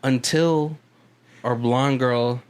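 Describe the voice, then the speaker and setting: A male podcast co-host chatting casually about a film. He rambles through the plot, breaks into laughs and drops the odd curse. His voice sits at an ordinary middle pitch. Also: steady tone, extremely slow, smooth. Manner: rambling, laughs often, swears, puts on voices for quotes. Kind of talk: casual movie commentary chat.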